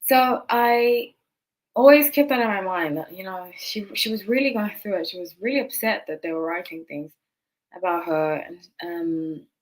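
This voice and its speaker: On a rough recording, a woman with a lowish voice speaks at a moderate pace. Hosting her tarot channel, she shares a personal story to camera in a loose, meandering way, full of asides and corrections to herself. Others have picked up on her non-local accent.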